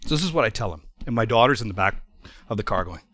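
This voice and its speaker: Middle-aged male preacher, expressive storyteller, fairly high voice, dry close sound. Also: fast talker, no room sound. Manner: animated, emphatic, with frequent restarts. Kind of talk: storytelling sermon.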